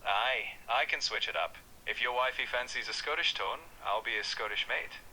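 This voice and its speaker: A man's synthetic voice acting as an AI assistant, calm and reassuring. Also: medium pitch, moderate pace, a little hiss or hum, low-quality recording.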